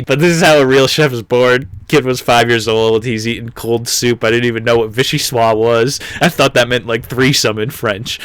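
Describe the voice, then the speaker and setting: A young man in his twenties hosts a casual comedic book commentary. He is irreverent and jokey, swears freely and laughs at his own remarks. His voice sits at an ordinary middle pitch and is recorded close and dry, with no room sound. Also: expressive, normal speed, a bit bright, dry recording. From United States. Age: 20s. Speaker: book review host.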